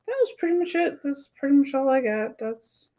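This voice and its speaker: A woman's voice: high-pitched, lively intonation, fairly quick, dark tone. Twenties woman on a podcast, blunt chatty, swears a bunch. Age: 20s. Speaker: podcast co-host. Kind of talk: casual chat.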